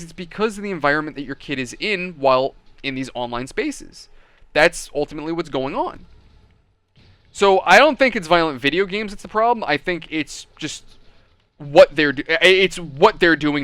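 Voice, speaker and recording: A man's voice: on the high side, pushed and bright, clean tone, no room sound. A man hosting a casual gaming and hobby channel, telling stories and giving opinions in a blunt, profane, mocking way. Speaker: channel host.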